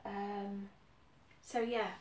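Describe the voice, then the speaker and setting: Extremely slowly, a British cross-stitch vlogger chats about her stitching in a medium-pitched, slightly mellow voice with little pitch movement, often saying um and repeating phrases. Faint background noise and roomy echo come through, with the mic somewhat far away.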